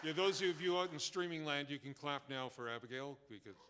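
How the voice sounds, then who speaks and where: A singer-songwriter joking and chatting with a live audience from the concert stage. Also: male voice, fairly high pitch, a little fast, in a large hall, a crowd in the background, background noise. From Alberta, Canada.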